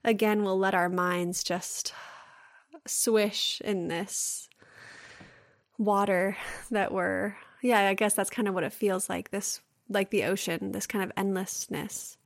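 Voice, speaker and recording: A woman hosting a conversation, gently moved, who reads a short poem aloud in a steady way. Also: mid-range voice, slow pace, no echo, clean studio sound.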